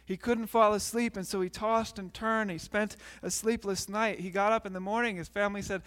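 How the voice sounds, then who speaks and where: A man preaching, then telling a story to kids in an animated way, acting out the characters. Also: sits high, brisk, hardly any pauses, in a large hall. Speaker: pastor. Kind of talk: sermon and children's story retelling.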